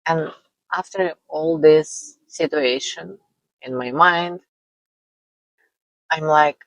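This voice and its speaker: Slow, gravelly-voiced woman, non-native English. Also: low-pitched, dry recording, low-quality recording. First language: not English. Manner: laughs often between phrases. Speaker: vlogger. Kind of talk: personal storytelling.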